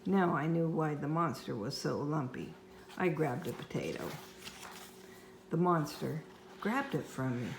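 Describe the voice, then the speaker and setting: An older woman reading a children's book aloud at home in a slow, expressive storyteller manner. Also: low voice, creaky, a little hiss or hum. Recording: echoey room with faint ambience.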